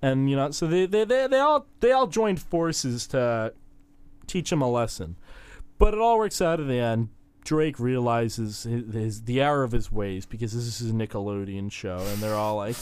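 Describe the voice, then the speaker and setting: This is a man hosting a relaxed podcast, recapping an episode scene by scene. His pitch swings widely as he plays out moments, and the sound is dry and close with no room echo. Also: normal speed, clear, resonant tone. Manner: animated storyteller acting out scenes. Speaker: podcast host. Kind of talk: casual episode recap chat.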